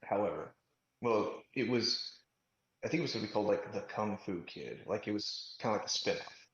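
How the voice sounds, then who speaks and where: A man's voice: lowish voice, moderate pace. A man in casual chat, teasing and opinionated, swearing casually. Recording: roomy lo-fi recording.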